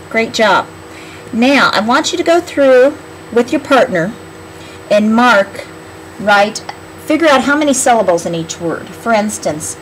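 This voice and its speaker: A woman teacher giving a classroom spelling lesson, speaking clearly and patiently and drawing out words so students can hear their sounds. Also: medium pitch, a little hiss or hum, low-quality recording.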